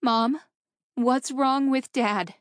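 A woman's voice: on the high side, measured pace, dry recording, lightly acted. A woman voicing a middle-aged divorcing wife in an audiobook, close to her own voice. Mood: pleading.

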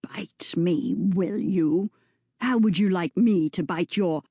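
A woman voicing a menacing, hot-tempered male nobleman villain who speaks slowly in low, hissing half-whispers in a storybook reading. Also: warm tone, slightly rough, no room sound, heavily acted. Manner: slow, hissing, often half-whispered threats.

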